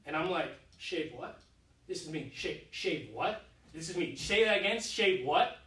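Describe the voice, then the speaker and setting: Whiny vain emperor in his 30s, high bright voice, echoey living room, mic far off. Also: a little slow. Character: vain, childish deposed emperor, young man, self-pitying. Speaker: solo stage performer. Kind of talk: solo theatre monologue.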